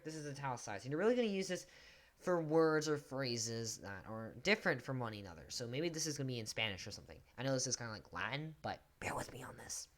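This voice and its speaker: A man's voice: mid-range voice, fairly bright tone. A man hosting a coding tutorial, explaining casually and joking about himself as he types. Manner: casual, self-deprecating, talks while typing. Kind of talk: screen-recorded coding tutorial. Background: keyboard typing and clicks.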